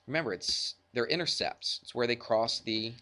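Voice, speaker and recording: A male math teacher talking to his class in a chatty, self-deprecating way. His voice is bright and forward, sitting at an ordinary middle pitch for a man. He mixes a personal story in with the lesson. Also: lively intonation, normal speed, a little hiss or hum.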